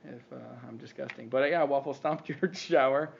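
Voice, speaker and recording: A man co-hosting a casual podcast, rattling off a rambling story at speed. His voice sits at an ordinary pitch, and the recording sounds muffled and lo-fi. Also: fairly quick, vocal fry. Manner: rambling, animated storytelling with laughs. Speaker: podcast co-host.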